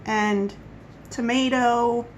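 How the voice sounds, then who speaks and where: A woman's voice: a little high, steady tone, extremely slow, slight background noise, low-quality recording. A woman vlogger talking at home in a casual coffee-chat monologue, rambling and wandering off on tangents. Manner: rambling, chatty, goes off on tangents.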